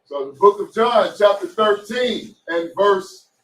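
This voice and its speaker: A man reading bible verses aloud for a class, slow and deliberate. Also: high-pitched, animated, fairly bright tone. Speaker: student reading scripture aloud. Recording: distant voice in an echoey room.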